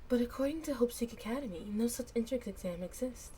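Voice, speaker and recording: Woman streamer, animated, raspy cracking top register, light background hiss. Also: quick pace. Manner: animated, laughs often, voice cracks on high notes. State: hiccups. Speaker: streamer voicing game characters. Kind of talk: live game reading with character voices.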